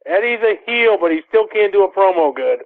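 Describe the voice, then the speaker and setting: A man's voice: high voice, animated, fairly quick, no echo. Wisecracking man on a tinny line. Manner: dry, short wisecracking interjections. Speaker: podcast co-host. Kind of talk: casual wrestling recap chat.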